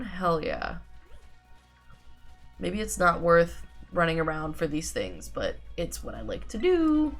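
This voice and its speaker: A woman streaming a video game, giving wry, sarcastic commentary with casual swearing and a low-energy delivery. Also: creaky, fairly bright tone.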